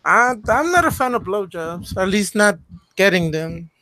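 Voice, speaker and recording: Male podcast regular; dismissive, flat delivery, dry sound. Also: sits high, measured pace, no room sound. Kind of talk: casual chat.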